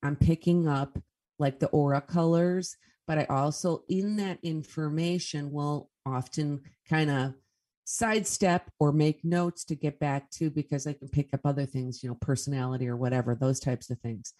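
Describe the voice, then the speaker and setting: A woman's voice: deep voice, fairly even intonation, moderate pace, warm tone. A woman speaking as a guest medium in a casual interview, telling stories in an earnest way.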